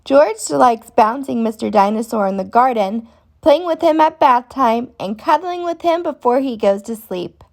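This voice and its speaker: A woman reading a children's storybook aloud, slow, expressive and clear for young listeners. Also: fairly high pitch.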